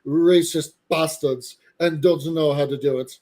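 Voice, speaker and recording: A man chatting on a casual live show, his voice sitting a little high but mellow and soft-edged. He talks animatedly and often breaks into mocking, exaggerated voices. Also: steady tone, a little slow. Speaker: podcast co-host. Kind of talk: casual chat.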